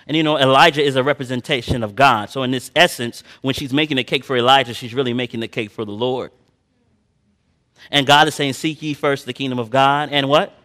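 A man preaching a sermon, reading scripture slowly and swinging between loud emphatic passages and quiet personal asides. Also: mid-range voice. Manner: slow drawn-out Bible reading.

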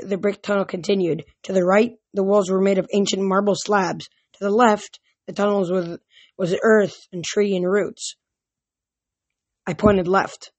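Halting amateur audiobook narrator. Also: mid-range voice, dry recording. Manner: halting, with frequent restarts. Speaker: audiobook reader.

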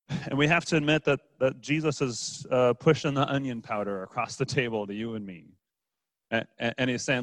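A man's voice: mid-range voice, moderate pace, fairly bright tone, no echo. A man preaching a casual, joking sermon as a pastor, with frequent fillers and restarts. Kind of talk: conversational sermon.

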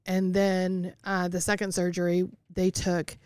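A woman's voice: fairly low pitch, monotone, a little slow, a little mellow, clean tone, no room sound, clean studio sound. A woman as a podcast guest, recounting a painful personal experience in a matter-of-fact way. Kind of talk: personal interview.

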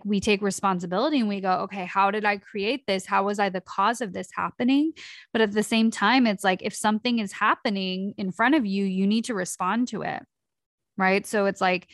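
A woman's voice: mid-range voice, dry recording. Chatty woman coach, dry close sound. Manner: chatty, self-interrupting, animated acted quotes. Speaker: podcast host and coach. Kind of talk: casual solo podcast talk.

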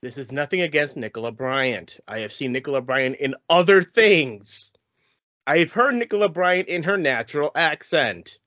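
A man's voice: a little high, lively intonation, moderate pace, sharp tone, no echo. A man co-hosting a podcast, chatting casually and explaining background details. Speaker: podcast co-host. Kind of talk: casual chat. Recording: dull lo-fi sound.

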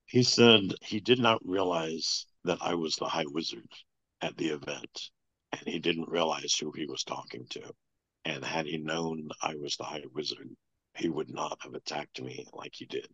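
Very deep husky man, lo-fi. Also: normal speed, fairly bright tone, no room sound. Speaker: interview guest. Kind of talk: storytelling interview. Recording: dull lo-fi sound.

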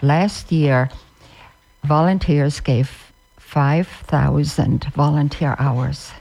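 A woman's voice: sits low, drawn-out words, gravelly, warm tone. A woman who is a master gardener, chatting casually as a radio guest and often repeating and restarting words.

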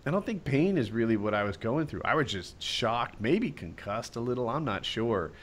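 A man telling an anecdote in relaxed conversation. His pitch swings widely as he slips into the voices of the people in his story. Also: normal speed, slight background noise. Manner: animated storyteller who acts out quoted voices. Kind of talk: casual chat.

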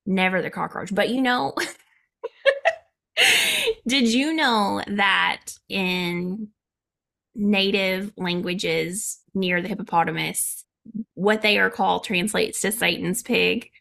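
A woman's voice: medium pitch, animated, takes it slowly, gravelly, bright, forceful tone. A woman in her thirties with a Southern country accent, chatting playfully and laughing often as co-host. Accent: American Southern country. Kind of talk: casual chat.

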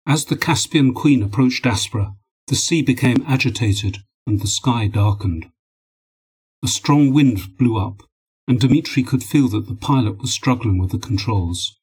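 Husky-voiced male audiobook narrator. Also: medium pitch, rough recording. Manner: steady, measured.

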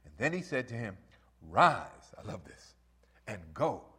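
A man preaching a sermon, acting out voices and building to loud, repeated calls to rise. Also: mid-range voice, moderate pace, slightly rough. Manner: animated preaching, acts out voices, rises to loud exhortation. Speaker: pastor.

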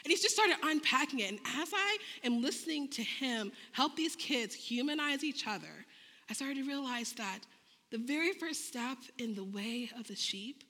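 Lively woman preaching, higher bright voice, big echoey hall. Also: moderate pace. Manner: animated, acts out dialogue with big pitch jumps. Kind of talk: sermon with storytelling. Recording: long reverb of a large hall.

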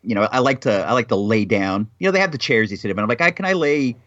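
Teasing, lively-voiced man. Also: on the low side, fast, no room sound, lo-fi sound. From United States. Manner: teasing, jokey, puts on a mock Russian accent in bits. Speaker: podcast co-host. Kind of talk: casual chat.

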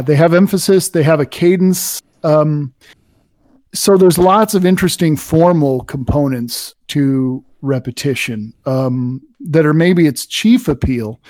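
A man speaks in a fairly high, mellow voice, thinking aloud about his poems. He wanders and restarts, leaning on fillers. The sound is dry and close. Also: no room sound. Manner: thoughtful, rambling with many fillers and restarts. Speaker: poet guest. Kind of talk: casual conversation about poetry.

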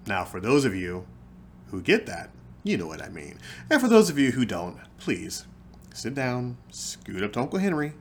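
A man's voice: medium pitch, sing-song, normal speed, a little hiss or hum. A man hosting his own podcast, telling a personal story in a theatrical, wry way and calling his listeners folks. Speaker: podcast host. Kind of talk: storytelling monologue.

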